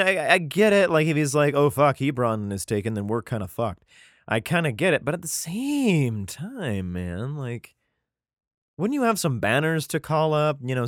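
A man's voice: medium pitch, no echo, studio quality. A man reading old scripture aloud at home, breaking off into irreverent, heavily profane joking commentary.

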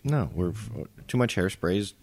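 A man's voice: deep voice, expressive, moderate pace, a little mellow, a little hiss or hum. A man co-hosting a podcast, telling a story in a casual, profane, dryly sarcastic way. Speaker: podcast co-host.

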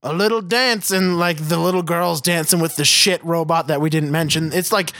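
A podcast co-host rants on a video call, swearing and slipping into mocking voices. His voice sits high and sounds bright, with a gravelly fry and a dry, close sound. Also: fairly even intonation, moderate pace, no echo. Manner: ranting, profane, mocking voices. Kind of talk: casual chat.

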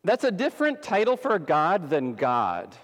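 A man preaching a sermon as pastor, dramatic, swinging between loud emphasis and hushed softness. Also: a little high, huge pitch swings, measured pace. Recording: long hall reverb.

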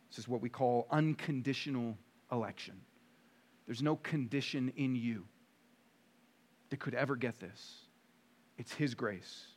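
A man preaching a sermon as pastor, emphatic and full of rhetorical questions, moving between quiet stretches and loud bursts. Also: mid-range voice.

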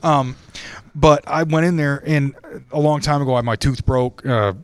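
A man's voice: on the high side, fairly even intonation, moderate pace, clear, resonant tone. A man in casual chat, animatedly telling a profane story and acting out quoted lines.

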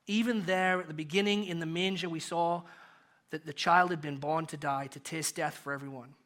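A British man delivers a sermon in a notably high voice. His tone is bright and ringing, and he moves between loud, rising questions and quiet, hushed answers. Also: steady tone, moderate pace. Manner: rhetorical questions, builds and drops in volume. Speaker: pastor.

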